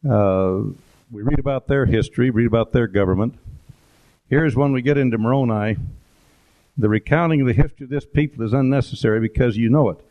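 A man's voice: medium pitch, brisk. A middle-aged man giving an informal talk with photos, rambling through anecdotes with fillers and asides. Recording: dull lo-fi recording.

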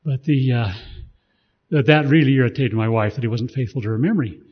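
Man speaking casually to a group, digressive, husky voice, muffled recording. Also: mid-range voice, fairly quick. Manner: rambling, digressive storytelling. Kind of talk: casual talk.

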